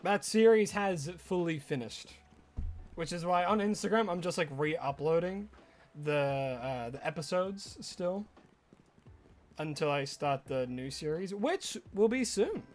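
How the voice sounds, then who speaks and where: Australian man with a slightly American edge, casual streamer chatting to viewers, high and bouncy pitch. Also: animated, a little slow. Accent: Australian with some American. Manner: chatty, answers viewer questions as they come. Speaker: live streamer. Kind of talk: casual live-stream chat.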